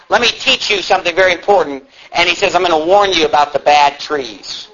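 A man preaching a fervent sermon, swinging from loud cries to low, emphatic asides. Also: brisk, hardly any pauses, dull audio.

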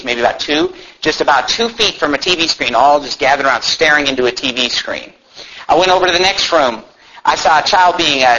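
Man preaching in a bright, muffled recording. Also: a little high. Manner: earnest, conversational, frequent restarts and asides. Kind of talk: sermon storytelling.

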